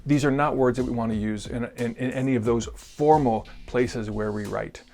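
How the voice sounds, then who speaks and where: A man teaches grammar in a relaxed, rambling video lesson and keeps it loose with crude jokes. His voice sits at an ordinary male pitch. Faint music plays behind him. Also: normal speed, creaky. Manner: joking, crude humor.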